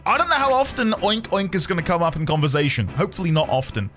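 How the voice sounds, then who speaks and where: A man's voice: sits high, sing-song, quick pace, fairly bright tone, faint music behind. A man streaming a video game, chatting casually and joking as he plays. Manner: playful, joking, bursts of laughter. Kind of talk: casual let's-play commentary.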